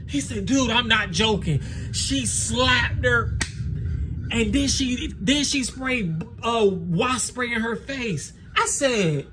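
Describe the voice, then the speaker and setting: A man's voice: very high voice, lively intonation, takes it slowly, noisy background. A young man, telling a wild story and laughing as he acts out the quotes. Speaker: lawn care vlogger. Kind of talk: animated storytelling.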